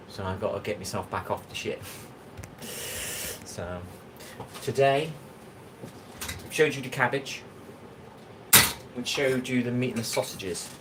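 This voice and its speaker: An Englishman with a plain mid-range voice rambles his way through a casual cooking livestream. He chats loosely and answers his viewers' comments as he cooks. A faint bit of background noise sits under his voice. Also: medium pitch. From England. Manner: rambling, chatty, talks back to chat comments. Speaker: livestream host.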